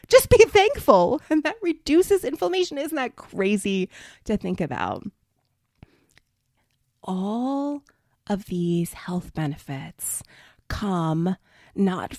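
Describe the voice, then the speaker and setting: Middle-aged woman host, lively pitch that swoops around, dry close sound, encouraging, leans into whispers. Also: no echo. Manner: animated, encouraging, calls listeners "friend"; drops into soft whispers for emphasis. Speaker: podcast host and body image coach. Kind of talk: faith-based podcast talk.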